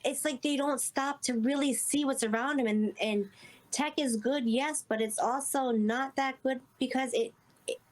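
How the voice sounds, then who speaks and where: A woman's voice: sits high, normal speed. A woman guest speaking earnestly in casual interview chat, rambling and often saying "you know". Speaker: guest medium.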